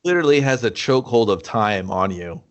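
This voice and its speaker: A man's voice: fairly low pitch, animated, fairly quick. A man co-hosting a casual movie review podcast, chiming in with dry, wry jokes. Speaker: podcast co-host.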